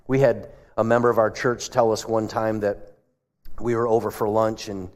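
A man's voice: lowish voice, level tone, normal speed. Man preaching in a reverberant hall. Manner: conversational storytelling, asks the congregation questions. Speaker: pastor. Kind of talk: sermon.

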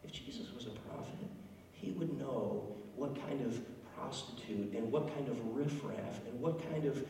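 A scornful Pharisee man mutters his contempt in a low hush, as a preacher acts him out. The voice carries long reverb and sounds far from the mic in a big room. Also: little pitch movement, measured pace, a little hiss or hum, lightly acted. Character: sneering self-righteous Pharisee man. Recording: echoey hall, distant mic.

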